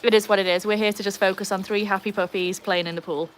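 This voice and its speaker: A woman's voice: mid-range voice, fairly even intonation, quick pace, a little hiss or hum. Chatty Welsh woman livestreaming. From Wales. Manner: chatty, reads out viewer comments, talks to her dogs. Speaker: livestream host. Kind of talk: casual live-stream chat. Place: outdoors by a backyard pool.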